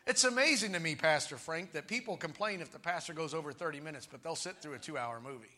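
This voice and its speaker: A man preaching with exuberant shouting and calling out to his congregation. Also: on the high side, lively intonation, fast. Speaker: pastor. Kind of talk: sermon.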